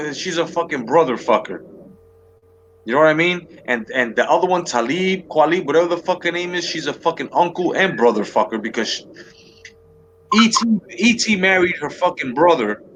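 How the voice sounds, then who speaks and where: A man's voice: on the high side, fairly bright tone, slight background noise. A man hosting a live talk stream, ranting heatedly and profanely, with many restarts and repeated words. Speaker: livestream talk show host. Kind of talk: heated political rant to a live chat.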